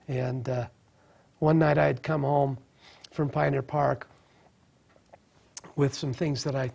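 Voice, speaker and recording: A man's voice: mid-range voice, flat delivery, slow pace, gravelly, a little mellow, slight background noise. A man in his thirties sharing a personal recovery testimony in an interview, earnest and reflective, often restarting his sentences. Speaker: guest sharing recovery story.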